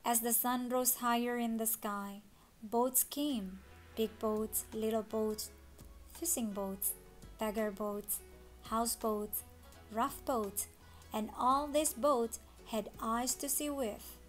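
Lady reading a kids' story, slow and lively, bit high voice, soft music under. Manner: expressive, dramatic gasps. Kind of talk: children's read-along story.

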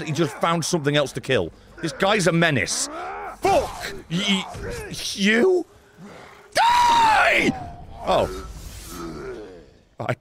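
A man streaming a video game, reacting loudly and swearing as he plays. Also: on the high side. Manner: excitable, shouty, swearing. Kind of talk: gameplay commentary.

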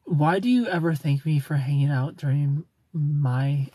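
Husky-voiced live streamer chatting with viewers. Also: medium pitch, measured pace, warm tone, no echo. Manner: chatty and upbeat, greets viewers by name. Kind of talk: casual live-stream chat, reading viewer comments aloud.

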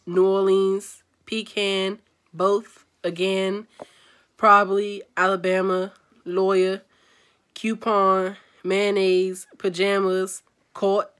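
A woman's voice: mid-range voice, little pitch movement, takes it slowly, a bit bright, smooth. Chatty young woman from D.C. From Washington, D.C. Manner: chatty, upbeat, reads word lists aloud. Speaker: vlogger. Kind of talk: casual chat.

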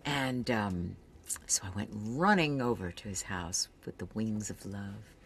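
A woman's voice: very deep voice, lively intonation, measured pace, breathy edge. An older woman telling personal stories in a documentary interview, laughing and acting out what people said. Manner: storytelling, laughing, acting out quotes. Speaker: interviewee recalling a friend.

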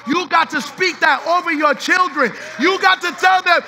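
A man's voice: very high-pitched, a little fast, few pauses, pushed and bright. A man preaching a sermon as pastor, fervent and repetitive, mixing in street slang and the odd line of Spanish.

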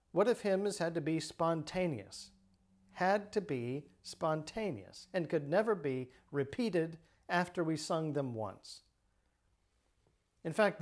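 A middle-aged priest giving a measured, explanatory lecture on Christian teaching. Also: male voice, fairly high pitch, a little mellow.

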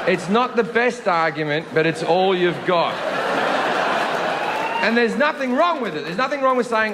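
A man's voice: high-pitched, big pitch swings, normal speed. An Australian man performing a stand-up comedy set, sardonic and profane, with punchy delivery. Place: large theater stage, played on a reaction video. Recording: echoey hall with loud noise.

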